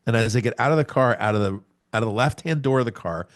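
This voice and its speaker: A man in his forties, a podcast guest, telling a personal testimony in a lively storytelling way with sound words. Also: mid-range voice, fast talker. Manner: animated storyteller, acts out scenes with sound words.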